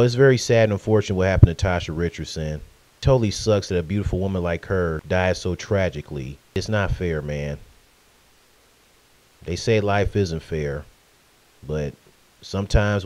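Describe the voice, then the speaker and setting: A man's voice: low-pitched, a little mellow. A man in his twenties talking in a casual, conversational vlog tribute, with fillers and asides. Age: 20s. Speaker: vlogger.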